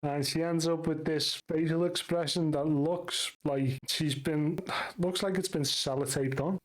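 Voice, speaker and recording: A man's voice: a little high, low-quality recording. Sweary man recapping a show. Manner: sweary, sarcastic, offhand. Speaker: reaction video host. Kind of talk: casual episode recap.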